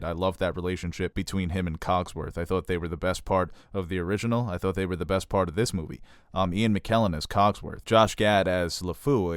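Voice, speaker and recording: A man's voice: deep voice, no echo, studio quality. A man giving a casual, opinionated movie review in a conversational way, with rhetorical questions.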